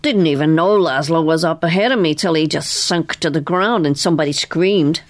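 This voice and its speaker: A woman voicing a toothless older carnival mechanic who talks in rough, plainspoken country grammar. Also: deep voice, normal speed, close to an everyday voice. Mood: folksy.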